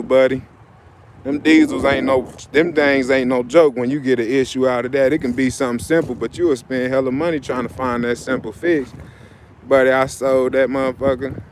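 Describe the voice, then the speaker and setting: A man's voice: mid-range voice, a little hiss or hum. A man chatting loosely on a livestream, rambling and repeating himself, outdoors by his vehicles on a phone. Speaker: livestream host. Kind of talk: casual livestream chat.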